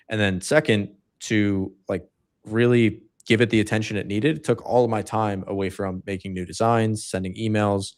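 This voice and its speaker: A man co-hosts a livestream in easygoing chat, his voice sitting on the low side. He tells his story in a loose, rambling way, leaning on likes and uhs. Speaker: livestream co-host.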